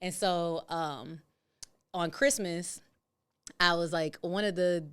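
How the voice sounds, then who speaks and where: A woman in her thirties chats as a guest on a podcast in a low, smooth and clear voice. She speaks openly about her life and laughs easily. Her pitch leaps up when she gets excited. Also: slow. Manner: open, laughing, jumps high when excited. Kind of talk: casual podcast chat.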